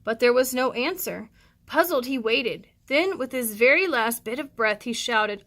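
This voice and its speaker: A woman's voice: a little high, animated, measured pace, a bit bright. A woman teacher reading a storybook aloud to children and encouraging them, with chatty asides between the passages.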